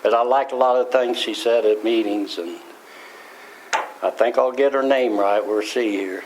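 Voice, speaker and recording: A man's voice: mid-range voice, fairly even intonation, normal speed. A man chairing a recovery meeting, making plain, offhand announcements. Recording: distant, roomy, noisy recording.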